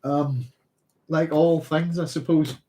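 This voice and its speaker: A man's voice: a little high, steady tone, slow pace, background noise. A man hosting a live chat, rambling and hesitant as he reads out viewer comments. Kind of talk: casual live-stream chat.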